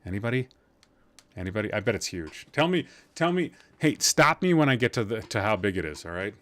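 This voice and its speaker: A man's voice: lowish voice, big pitch swings, brisk, a bit bright. A man hosting a live-streamed podcast from a room at home, chatting casually, rambling and teasing his chat with jokes.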